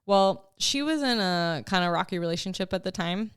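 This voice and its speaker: Chatty woman with a smooth, lowish voice. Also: lively intonation, moderate pace, no echo, clean studio sound. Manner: chatty and emotional, laughs often, lots of "like". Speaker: life coach. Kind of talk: casual podcast chat.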